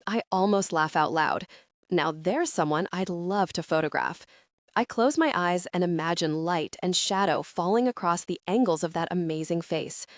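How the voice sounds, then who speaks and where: Woman narrator, first-person audiobook, wry and expressive, slightly low voice, dry close mic. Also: dry recording.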